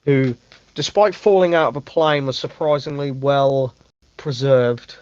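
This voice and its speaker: A man's voice: mid-range voice, a little slow, a little mellow, clean tone, no echo, dull audio. A young man hosting a casual movie review podcast, rambling, correcting himself and swearing offhand. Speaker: podcast host.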